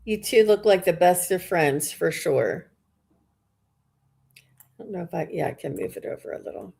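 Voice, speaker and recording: A woman's voice: lowish voice, expressive, normal speed, gravelly, warm tone, breathy edge. A woman hosting a live psychic reading, talking in a chatty, rambling way with many fillers and restarts. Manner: chatty, filler-heavy, restarts mid-sentence. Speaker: psychic medium host.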